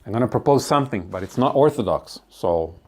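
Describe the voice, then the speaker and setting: A man voicing a calm, soft-spoken male doctor who talks in a hushed, measured, hesitant way. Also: lowish voice. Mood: grave.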